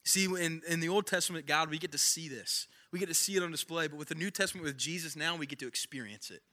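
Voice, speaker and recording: A man's voice: fairly high pitch, quick pace, pushed and bright. A young man preaching a sermon in a casual, conversational way, repeating phrases for emphasis. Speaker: pastor.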